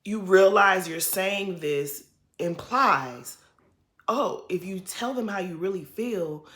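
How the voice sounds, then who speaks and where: A woman's voice: fairly low pitch, fairly bright tone, roomy sound. A woman giving blunt, sassy commentary on a reality show in a casual recap.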